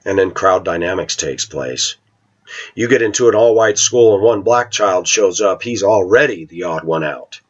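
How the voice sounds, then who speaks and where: Man, middle-aged, husky, rambling opinionated vlog talk, muffled lo-fi recording. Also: sits low, expressive, normal speed. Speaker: vlogger. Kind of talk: casual monologue to viewers. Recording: dull lo-fi recording.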